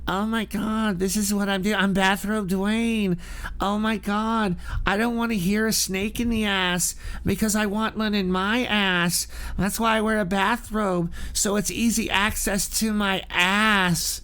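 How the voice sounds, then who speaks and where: A man mocking a soft-spoken male streamer in a bathrobe with a breathy, simpering voice. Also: high-pitched, flat delivery, a little slow.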